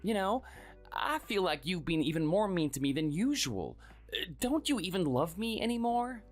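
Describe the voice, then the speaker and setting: A man portrays a timid, sickly husband in his thirties, sounding meek and apologetic with a raised pitch. His sing-song delivery runs at normal speed through dramatized story dialogue and first-person narration, with faint music behind.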